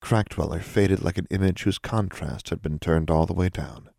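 A man narrating an audiobook in a steady, even storytelling voice. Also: sits low, normal speed, creaky, no echo, studio quality.

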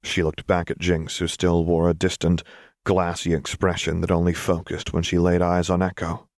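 Deep-voiced man narrating a story. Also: normal speed, dry recording, studio quality. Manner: steady storytelling. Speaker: audiobook narrator. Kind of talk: scripted narration.

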